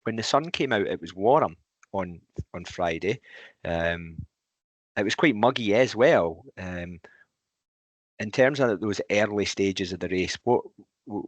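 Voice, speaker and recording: A man's voice: on the low side, dry recording. A man hosting a podcast, asking questions in a hesitant way with many ums. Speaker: podcast host. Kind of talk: casual podcast interviewing.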